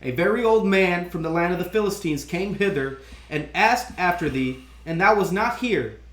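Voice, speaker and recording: A man's voice: sits high, expressive, moderate pace, a bit bright. Man reading scripture in an echoey room. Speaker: scripture reader.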